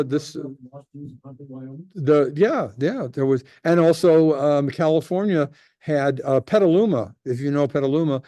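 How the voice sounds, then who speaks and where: A man's voice: medium pitch, warm tone, no echo, studio quality. A man, a rabbi, teaching a casual class, telling jokes and rambling with lots of restarts.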